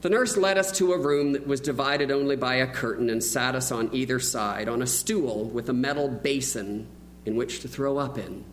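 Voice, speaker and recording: A man preaching a sermon, telling a childhood story with lively, acted-out delivery. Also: medium pitch, moderate pace, slight background noise, low-quality recording. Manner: animated storyteller who acts out the quoted voices.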